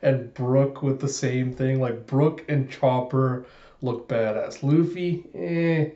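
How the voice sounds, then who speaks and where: Casual male reviewer recapping a comic chapter, mellow voice, offhand and filler-heavy. Roomy, slightly muffled home recording. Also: medium pitch, fairly even intonation, slow. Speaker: manga reaction YouTuber.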